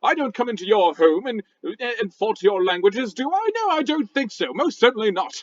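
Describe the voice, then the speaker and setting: A man's voice: high-pitched, sing-song, normal speed, highs cut off. A man doing a posh, pompous talking rock. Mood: indignant. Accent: posh British. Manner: indignant, fussy, stuffy old-fashioned phrasing. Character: pompous talking rock, male duke, prissy and easily offended.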